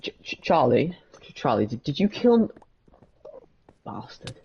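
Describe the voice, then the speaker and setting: A man doing a hyper male doctor, stuttering, pitched up, muffled mic. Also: sing-song, measured pace, darkish tone, husky, full character voice. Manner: jittery, stammering.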